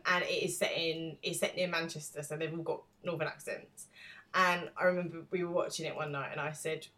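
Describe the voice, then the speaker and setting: Low-voiced woman with an East London accent. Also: fairly bright tone. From England. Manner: thoughtful, with frequent fillers. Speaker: podcast co-host. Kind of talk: casual podcast chat.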